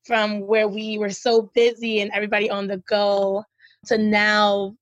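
Friendly american woman guest, positive, some ums, dry close sound, mid pitch. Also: level tone, a little slow, no room sound. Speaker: guest, store manager. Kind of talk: casual interview talk.

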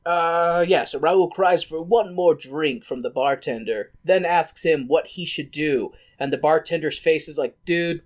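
A man co-hosting a podcast, recapping a story in a casual comedic way with a slightly raspy throat, swearing freely and slipping into quick put-on voices. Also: fairly high pitch. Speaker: podcast co-host.

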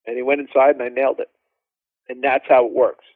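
A male drummer telling animated stories as a podcast guest, with lots of fillers and restarts. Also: medium pitch, fast, no echo. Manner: animated, laughing storyteller, many fillers. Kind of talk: casual storytelling interview. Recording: dry phone-like line.

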